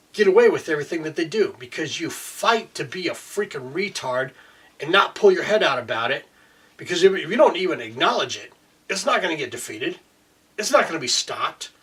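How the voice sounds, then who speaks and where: A man's voice: on the high side, fairly bright tone, slightly rough. A man delivering a heated, profane rant to camera, peppered with "you know" fillers. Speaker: video blogger. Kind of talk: angry ranting monologue. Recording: voice distant from the mic.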